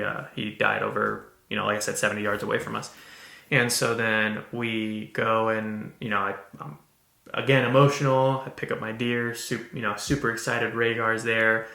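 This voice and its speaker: Man, podcast host, gravelly, bright tone, flat delivery, earnest storytelling, echoey room. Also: fairly low pitch. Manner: earnest, halting, with restarts. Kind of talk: casual storytelling.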